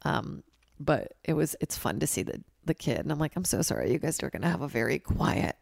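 A young woman hosting a solo podcast from a hotel room, talking loosely and rambling, mocking herself and jumping into loud, high bits. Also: sing-song, brisk, gravelly, slightly rough, no room sound, studio quality. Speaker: podcast host. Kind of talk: casual solo podcast chat. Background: ice machine outside.

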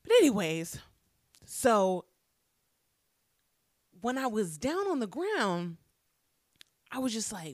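A young woman telling a childhood story in a casual, animated way. She swears freely and acts out the lines people said. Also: medium pitch, takes it slowly, pauses often, no echo, studio quality. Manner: animated, profane, acts out quotes.

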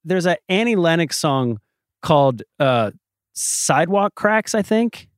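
A man's voice: a little high, sing-song, unhurried, clear, resonant tone, no echo, clean studio sound. A man co-hosting a podcast in casual chat, opinionated and sarcastic. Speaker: podcast co-host.

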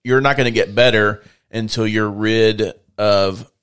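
A man's voice: on the low side, fairly even intonation, unhurried, a bit bright, smooth. A man co-hosting a faith-based podcast, talking in a reflective, casual way and explaining with everyday analogies. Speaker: podcast co-host.

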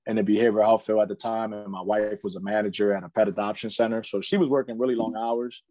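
A man's voice: fairly low pitch, steady tone, fast, mellow, no room sound. Earnest man telling his life story. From United States. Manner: earnest, fills speech with "man" and "you know". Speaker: podcast guest. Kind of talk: candid storytelling in casual conversation.

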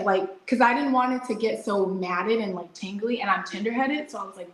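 A young adult woman telling her story in a casual interview, chatty and animated, with frequent fillers. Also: mid-range voice, brisk, hardly any pauses. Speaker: interview guest, entrepreneur. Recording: echoey room.

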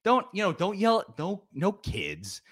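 Animated, bright-voiced male podcast ranter. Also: high voice, measured pace, husky. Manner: animated, ranting, mocks rival fans in whiny voices. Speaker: podcast co-host. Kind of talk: sports podcast banter.

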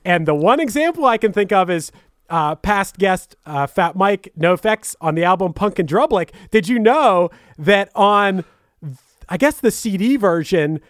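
A man's voice: high voice, lively intonation, unhurried, dry recording, clean studio sound. A man co-hosting a podcast, chatting eagerly about music and laughing often. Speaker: podcast co-host. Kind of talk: casual podcast chat.

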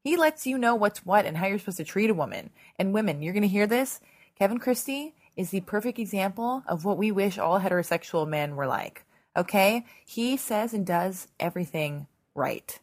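A hoarse woman hosting her podcast, chatty and animated, swearing freely in a casual intro monologue. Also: medium pitch, moderate pace. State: hoarse, lost voice. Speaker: podcast host. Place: Los Angeles.

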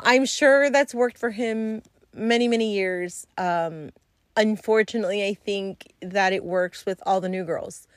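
Low-voiced woman telling a rambling story. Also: no room sound, studio quality. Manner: rambling, swears freely, many fillers. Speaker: podcast host. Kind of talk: casual solo storytelling.

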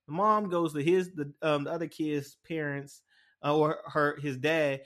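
Young man, podcast host, casual rambling chat, slightly high voice, lots of fillers. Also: fairly even intonation, moderate pace, fairly bright tone. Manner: rambling storytelling with many fillers and restarts.

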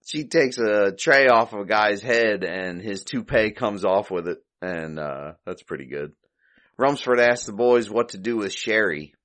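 A man's voice: on the low side, unhurried, fairly bright tone. Chuckling man recapping a comedy. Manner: chuckling, thinking aloud. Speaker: podcast host. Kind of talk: casual recap of a comedy short.

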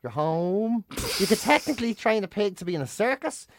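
Male co-host, animated ranter, swears, emphatic repeats, dead-dry room. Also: sits high, fairly quick, no room sound. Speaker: podcast co-host. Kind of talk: casual chat.

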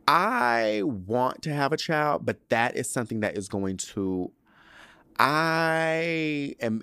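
A young man talks loosely into the mic and drifts from one tangent to the next, swearing freely. His voice sits a little low. The sound is dry and close. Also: fairly bright tone, no room sound. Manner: chatty, rambling, profane, goes off on tangents. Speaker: podcast host. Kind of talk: casual solo chat.

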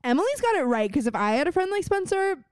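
A woman's voice: very high voice, sing-song, quick pace, no echo, clean studio sound. A woman co-hosting a podcast, recapping a TV episode in casual chat with wry jokes and frequent giggles. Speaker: podcast co-host.

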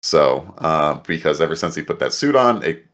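A man's voice: extremely low pitch, sing-song, moderate pace, a bit bright, lo-fi sound. A man in his thirties co-hosting a podcast in casual chat, rambling, laughing often and acting out what people said. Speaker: podcast co-host.

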